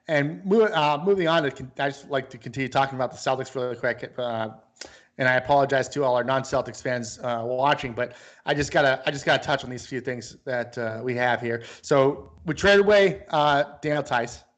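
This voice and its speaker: A man's voice: medium pitch, a little fast, fairly bright tone. A man co-hosting a casual sports talk show, rambling with lots of restarts and fillers as he chats about basketball. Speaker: sports podcast co-host.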